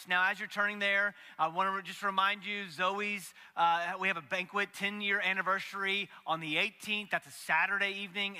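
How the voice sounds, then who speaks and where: A man's voice: sits high, pushed and bright. A man preaching a sermon as pastor, folksy and joking, with asides to the congregation. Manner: folksy and joking, acts out story voices. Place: church sanctuary. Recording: long hall reverb.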